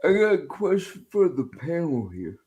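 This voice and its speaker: A man in a casual chat, hesitant, pausing with many fillers. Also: a little high, big pitch swings, mellow, rough recording.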